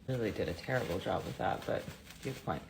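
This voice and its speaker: A woman in her thirties with a raspy voice, chatting casually and softly through a makeup tutorial. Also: a bass voice, fast, background noise. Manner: chatty and offhand, soft-spoken. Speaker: beauty vlogger.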